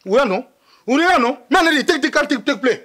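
An actor playing a loud, excitable male landlord who scolds his tenants in Cameroonian Pidgin. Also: extremely high pitch. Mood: scolding. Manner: shouting, scolding, rapid Pidgin. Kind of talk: TV comedy drama acting.

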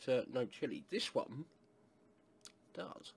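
A man's voice: mid-range voice, animated, takes it slowly, vocal fry, darkish tone, slight background noise. A man from England casually reviewing a hot sauce, rambling with lots of fillers and asides.

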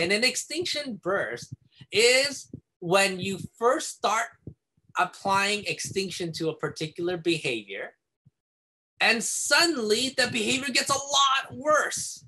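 A man giving a casual, animated video lesson on behavior therapy as a supervisor, acting out examples as he explains. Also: sits high, unhurried, a little hiss or hum.

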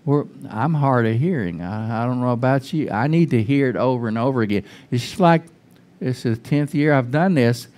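A man's voice: mid-range voice, animated, moderate pace, darkish tone. A male pastor giving an informal, conversational sermon in a church, often restarting sentences and putting questions to the congregation. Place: church sanctuary.

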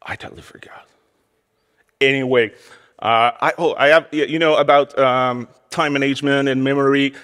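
Man, French Canadian accent, 40s, candid and restless conference talk, mid pitch, long hall reverb. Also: steady tone, normal speed, a bit bright, smooth. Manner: candid, self-deprecating, restless. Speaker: conference speaker.

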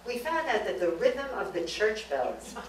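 A woman's voice: mid-range voice, big pitch swings, measured pace, background noise, voice pushed up. A woman voicing a giggly, bawdy grandmother of ninety-five, recorded in an echoey room from far off. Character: giggly 95-year-old grandmother.

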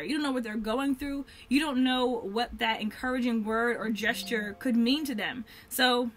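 A woman's voice: on the high side, pushed and bright. A young adult woman talking earnestly in a faith-based vlog, heartfelt and rambling with lots of fillers. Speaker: vlogger.

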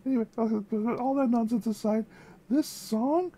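Gushing woman with a mellow voice. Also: a little high, normal speed. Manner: gushing, effusive, repeats phrases. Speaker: music reaction vlogger. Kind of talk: casual reaction chat.

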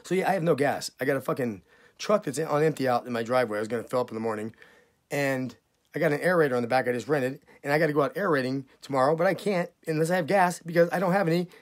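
A man's voice: fairly high pitch, racing. Angry, foul-mouthed man ranting. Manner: heated, swearing constantly, voice jumping up in outrage. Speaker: vlogger. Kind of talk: angry profane rant to camera.

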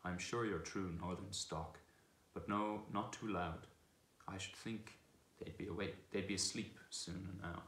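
Man doing a proud male war horse, scornful, commanding, very deep voice, echoey room. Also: steady tone, a bit bright. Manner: brisk, commanding, contemptuous at times.

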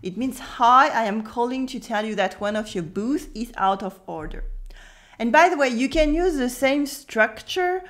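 A French woman from France teaches spoken French in a scripted video lesson, fairly high in pitch. She explains calmly and slows down to demonstrate each pronunciation.

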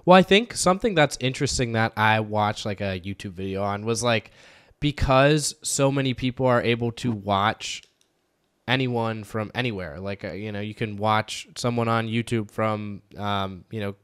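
A man's voice: lowish voice, moderate pace, fairly bright tone, clear, resonant tone. A young man from North Carolina with a light Southern accent, hosting a casual interview and rambling with lots of fillers and restarts. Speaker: podcast host.

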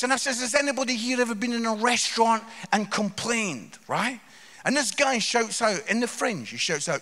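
A man in his fifties telling comic stories as a guest speaker, animated and exclaiming, recorded in a reverberant church hall. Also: sits high, normal speed. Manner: animated, exclaiming, mimicking voices. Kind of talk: comic storytelling sermon.

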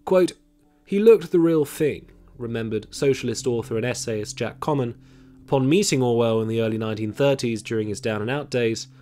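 A man giving scripted documentary narration on history, measured and reading quotations aloud, with faint music behind him. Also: medium pitch, mellow.

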